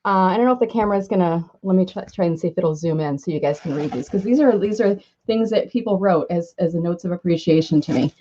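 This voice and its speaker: A woman's voice: fairly low pitch, quick pace, hardly any pauses, mellow, slight background noise. A middle-aged woman chatting on a live video, gushing and effusive as she opens a gift box. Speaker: marketing consultant unboxing a gift on a live video. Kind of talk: impromptu live unboxing chat. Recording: slightly dull lo-fi audio.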